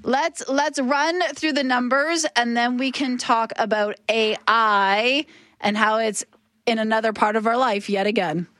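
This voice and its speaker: A woman radio host with a high, youthful voice talks in an animated, outspoken way on a live morning show. The sound is dry and close, with no room around it. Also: dry recording. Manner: animated and outspoken, talks fast when worked up. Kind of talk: live radio talk and interview.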